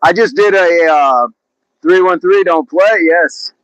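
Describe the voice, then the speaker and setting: Chatty guy on a livestream, kinda high voice, dry close mic, laughs a lot. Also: takes it slowly, no room sound, lo-fi sound. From Oklahoma. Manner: chatty, laughs often, slips into put-on accents. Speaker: livestream host. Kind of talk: casual livestream chat reading comments.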